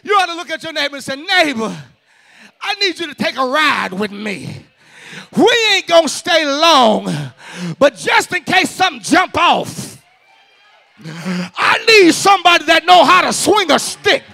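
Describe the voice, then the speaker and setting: Male pastor, gravelly and bright, fervent sermon delivery in church. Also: very high voice, very animated, unhurried. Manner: fervent preaching, addressing the congregation directly. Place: church service.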